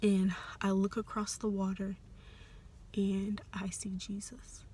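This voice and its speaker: A young adult woman telling a personal story in a soft, hesitant, often half-whispered way, with many fillers. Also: mid-range voice, completely flat delivery, slow pace, breathy edge. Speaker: vlogger.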